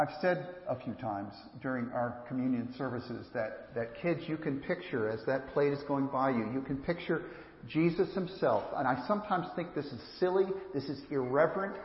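A man's voice: medium pitch, moderate pace. A man preaching a sermon as pastor, earnest, often repeating and restarting phrases as he speaks straight to the children. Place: church sanctuary. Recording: echoey church hall, slightly dull sound.

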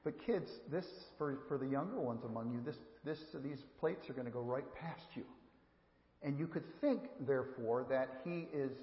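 A man's voice: mid-range voice, moderate pace. A man giving a sermon as pastor, earnest and repeating words for emphasis, often speaking straight to the children. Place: church sanctuary. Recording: echoey hall, dull lo-fi sound.

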